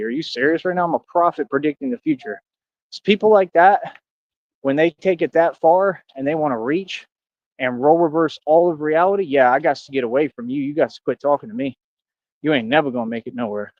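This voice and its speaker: A man's voice: on the high side, no room sound, muffled recording. A man livestreaming, talking straight to his chat in a boastful, confrontational, slangy way. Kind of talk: casual livestream rant to chat.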